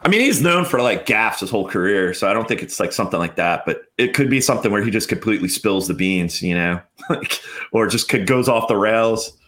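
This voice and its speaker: A man's voice: lowish voice, expressive, a little fast, a bit bright. A man co-hosting a casual talk show, loose and profane, laughing often. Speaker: podcast co-host. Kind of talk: casual chat.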